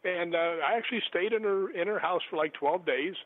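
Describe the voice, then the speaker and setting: A man telling stories in a relaxed, rambling way as a guest on a radio show, laughing often. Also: high-pitched, brisk. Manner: chatty, rambling, laughs often, animated when astonished. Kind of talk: casual storytelling on a call-in radio show. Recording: tinny phone line.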